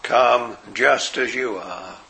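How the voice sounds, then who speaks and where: Slow preaching guy, gravelly voice, earnest, goes soft and quiet on the quotes. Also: medium pitch. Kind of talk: sermon.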